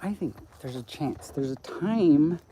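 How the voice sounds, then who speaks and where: A man's voice: fairly high pitch, animated, a little slow, dark tone, slight background noise, rough recording. A man talking on a live stream in a rambling, profane monologue that jumps from topic to topic.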